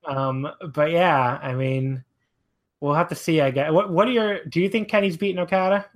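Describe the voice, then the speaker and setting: Talking at a normal speed, a male wrestling podcast co-host wanders casually from point to point, and his pitch jumps up when he's exasperated.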